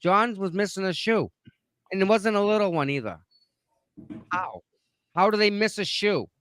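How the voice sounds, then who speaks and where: A man with a Boston accent talks through a case on a livestream, pressing his points hard and repeating them. His voice sits a little high and sounds smooth and clear. The sound is dry and close. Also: moderate pace, no echo. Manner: animated, emphatic, repeats points. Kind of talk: livestream discussion.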